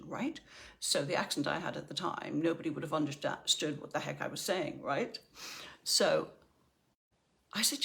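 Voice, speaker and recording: A woman's voice: low-pitched, creaky, fairly bright tone. A middle-aged woman from Northern Ireland, a life coach giving a chatty motivational talk and often checking in with "right?".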